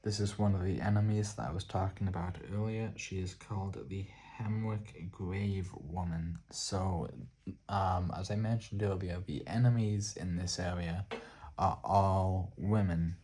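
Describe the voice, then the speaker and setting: An Irish man hosting a soft-spoken art book showcase, relaxed and hesitant, pausing often with fillers. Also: sits low, breathy edge. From Ireland. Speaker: art book channel host.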